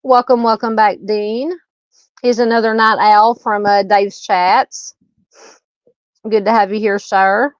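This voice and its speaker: A woman's voice: medium pitch, level tone, slow pace, long pauses, clean tone, no room sound, lo-fi sound. A middle-aged Southern woman hosting a live true crime stream, chatting casually, greeting viewers and reading comments in a rambling way with many fillers and restarts. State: hiccups.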